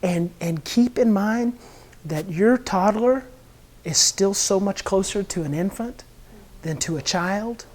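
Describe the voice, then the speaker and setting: A woman speaks as a guest expert at a steady middle pitch, earnest and full of restarts. She acts out a child's angry outbursts and a parent's soothing words as she explains. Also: slow pace. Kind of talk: explanatory interview talk.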